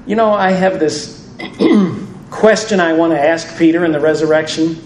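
A man with a slightly high voice preaches a sermon on scripture at normal speed, conversational and full of dry humor. The mic sits far off in an echoey room, picking up faint ambience and a little hiss or hum.

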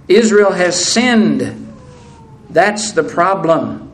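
The audio is poor, carrying a man's fairly high voice at normal speed as he delivers a sermon. He calls his listeners brethren and reads scripture earnestly, growing more intense as he goes.

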